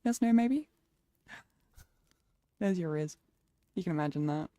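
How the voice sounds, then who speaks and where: A woman's voice: lowish voice, expressive, unhurried, dark tone, dry recording. Playful woman streamer, dry mic. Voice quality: playful, flirty, crude joking, laughs often. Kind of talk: casual livestream chat.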